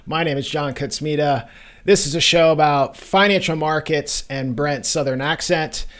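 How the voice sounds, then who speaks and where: A man's voice: a little high, normal speed, fairly bright tone. A man hosting a casual finance podcast, joking around and talking loosely with fillers. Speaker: podcast host.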